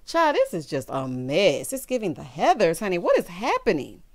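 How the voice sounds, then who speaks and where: A woman recapping a reality show in sassy, animated commentary, laughing loudly and calling her viewers honey and child. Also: on the low side, normal speed, hardly any pauses.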